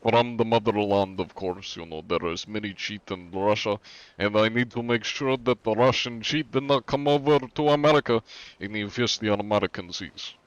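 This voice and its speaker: A man's voice: fairly low pitch, no echo, dull audio, lightly acted. A man putting on a thick, stereotypical Russian accent, voicing a big sweaty KGB interrogator during an in-game role-play on a live stream. He drops articles as he talks.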